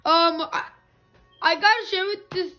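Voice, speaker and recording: A woman plays a frazzled schoolteacher losing control of her class in a comedy skit. She stammers and repeats herself, begging everyone to settle down. Her voice sits high, with a bright, sharp edge. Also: fairly even intonation, measured pace, soft background music, exaggerated voice. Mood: flustered, pleading. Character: flustered female schoolteacher trying to control a class.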